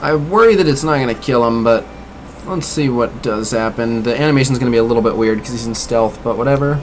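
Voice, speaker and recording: A slight hiss or hum sits under this fast-talking streamer's medium-pitched voice. He plays a mobile game and chats loosely about it, throwing in mild critiques and reacting to what viewers write.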